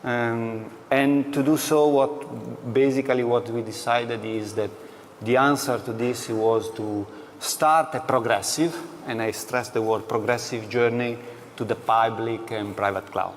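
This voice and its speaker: Answering interview questions, a company executive with an ordinary-pitched voice speaks slowly and deliberately, filling his measured speech with pauses and fillers. His tone stays steady as a large hall's echo lingers and a faint hum sits underneath.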